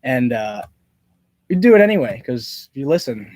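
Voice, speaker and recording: A man at an ordinary middle pitch, joking and storytelling with a wry edge. The recording is dry and close to the mic. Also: sing-song, moderate pace, a little mellow, no echo. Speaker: host. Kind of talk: casual livestream chat.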